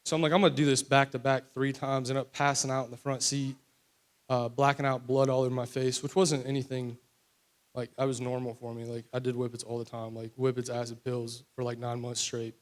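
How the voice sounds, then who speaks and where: A man's voice: medium pitch, level tone, brisk. A young man from West Virginia telling his personal recovery testimony in a candid, rambling way full of fillers. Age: young adult. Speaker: testimony speaker.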